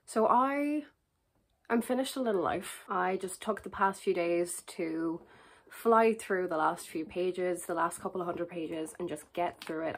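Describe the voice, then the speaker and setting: A woman talking casually to camera in a reading vlog, candid, chatty and self-mocking. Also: lowish voice. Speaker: book vlogger.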